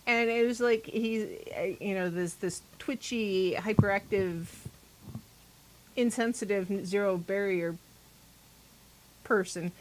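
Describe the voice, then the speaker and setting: Woman, talk-show host, casual storytelling, rambling, animated, middle pitch, faint background noise. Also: slow pace, pauses often, low-quality recording. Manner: rambling, animated, acts out quoted dialogue.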